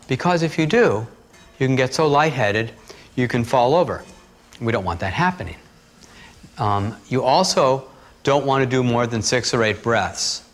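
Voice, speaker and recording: A man teaching breathing techniques, talking calmly and steadily through guided instructions. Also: medium pitch. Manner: calm, steady instructional talk with asides.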